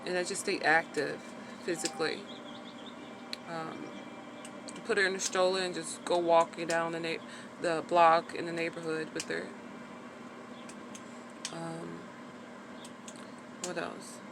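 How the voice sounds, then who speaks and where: A woman's voice: fairly low pitch, level tone, slow, creaky, pauses often, background noise. A woman talking frankly in a casual personal vlog, chatty and full of "like" fillers, with the odd swear word. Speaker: vlogger sharing her recovery after birth.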